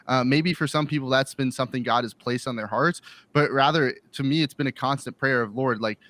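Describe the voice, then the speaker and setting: A man's voice: medium pitch, a little fast, a bit bright, no echo. A man, a Christian streamer, talking casually in a panel discussion with many fillers.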